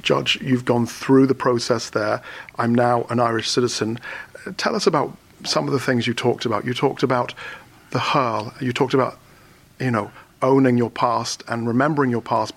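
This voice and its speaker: A man's voice: medium pitch, fairly even intonation, normal speed, vocal fry, fairly bright tone. A man chatting on the radio as a reporter, emotional and self-deprecating. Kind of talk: casual radio chat.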